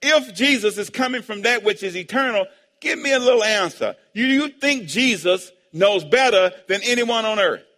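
A man preaching as pastor, drawing amens and answers from the congregation in call-and-response, breaking into sudden shouts. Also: high voice, expressive, normal speed. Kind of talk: sermon. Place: church sanctuary. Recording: long hall reverb.

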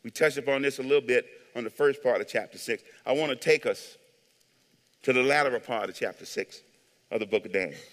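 A male pastor preaching a sermon with animated call-and-response to the congregation. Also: medium pitch, a little fast, big-room sound. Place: church sanctuary.

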